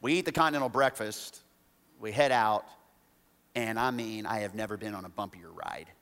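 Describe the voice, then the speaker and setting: A man preaching, telling a self-mocking story with animated, acted-out quotes. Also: lowish voice, moderate pace. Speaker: pastor. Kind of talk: storytelling sermon. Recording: long reverb of a large hall.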